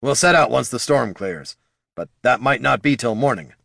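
A man voicing a gruff, practical old fisherman in a storybook reading, speaking in a low growl. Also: lively intonation, moderate pace, sharp tone, no echo, clean studio sound, far from the mic, heavily acted. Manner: growling, plain-spoken.

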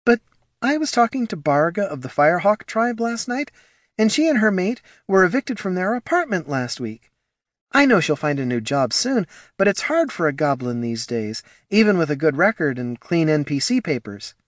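Man doing a high, gentle gnoll mother, anxious and pleading, storybook. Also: very animated, normal speed, dry recording, clean studio sound.

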